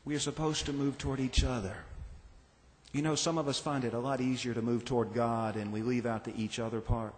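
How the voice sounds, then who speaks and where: A man's voice: mid-range voice, level tone, a little hiss or hum. Earnest man preaching in an echoing hall. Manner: earnest, rhetorical, slowing for emphasis. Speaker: pastor. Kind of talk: sermon. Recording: reverberant hall.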